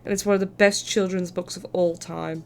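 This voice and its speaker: A woman from the UK, hosting a casual chat stream and rambling on in a lively, loose way. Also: lowish voice, brisk, creaky. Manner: chatty, rambling, swears casually. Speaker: streamer host.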